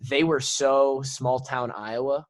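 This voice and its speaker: Male podcast host, mid-pitched voice, dry close sound, excitable, exclaiming. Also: slow pace, no room sound. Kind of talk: casual interview chat.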